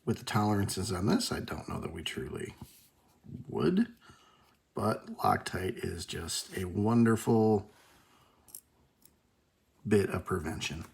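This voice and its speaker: A man's voice: low-pitched, big pitch swings, takes it slowly, gravelly, pauses often, darkish tone. A man hosting a casual workshop video, talking through his work at a bench with dry, self-deprecating asides and muttered remarks. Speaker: host. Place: workbench.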